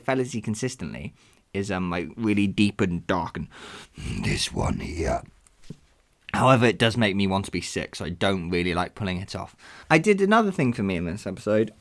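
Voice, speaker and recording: A man hosting a podcast, talking casually about past episodes in an animated, self-deprecating way and laughing at himself. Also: medium pitch. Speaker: podcast host. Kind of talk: casual retrospective chat.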